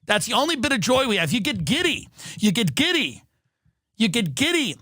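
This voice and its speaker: A man's voice: extremely high pitch, big pitch swings, moderate pace, pushed and bright, no echo, clean studio sound. A man from New York hosting a podcast, delivering a sardonic, profane comedic rant with exaggerated emphasis. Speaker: podcast host.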